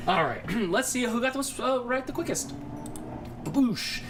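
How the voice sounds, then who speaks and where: A man's voice: extremely high pitch, big pitch swings, measured pace, a loud crowd. A man hosting a live trivia game show from home, joking and playfully complaining between reading out the scores. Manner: joking, playfully self-pitying.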